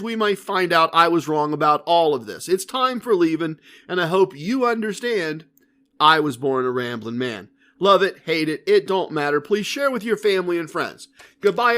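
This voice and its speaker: A male podcast host telling a casino story in a casual, animated way and acting out the dialogue. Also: sits high.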